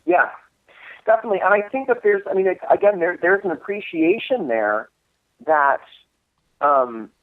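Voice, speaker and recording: A man's voice: high-pitched, expressive, normal speed, pauses often, dry recording. A man, co-host of a cult film screening series, telling a long story in a casual interview, rambling with many restarts and fillers. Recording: tinny phone-like line.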